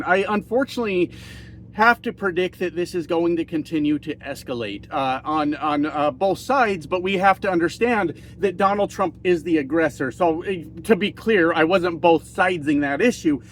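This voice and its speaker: A man with a rather high voice delivers a heated, cursing commentary straight to camera, addressing his viewers as friends. A faint low rumble sits behind him. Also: moderate pace. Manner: profane, impassioned, calls viewers "my friends". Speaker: political commentator. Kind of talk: ranting video commentary.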